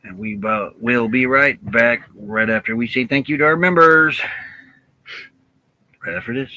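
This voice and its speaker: Male co-host of a casual live stream, relaxed talker, bright voice, mid-range pitch. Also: slight background noise, rough recording. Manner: laid-back, chatty, quick to laugh. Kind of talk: casual chat.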